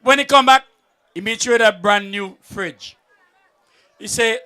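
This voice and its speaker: A man with a Vincentian accent telling jokes at an outdoor event, a lively storyteller who laughs as he goes. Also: high voice, measured pace, clean tone. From St Vincent and the Grenadines. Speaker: comedian at a political event. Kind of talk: joke telling.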